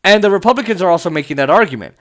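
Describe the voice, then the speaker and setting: A young male political commentator rants casually and sarcastically, mocking his targets and filling his speech with filler words. His voice sits high, and he talks animatedly at a rapid-fire pace.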